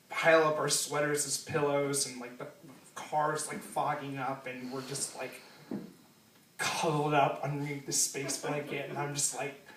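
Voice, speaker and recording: A man's voice: on the high side, a bit bright, reverberant, recorded from a distance, poor audio. A man telling a funny personal story live, casual and laughing, with lots of fillers and swearing.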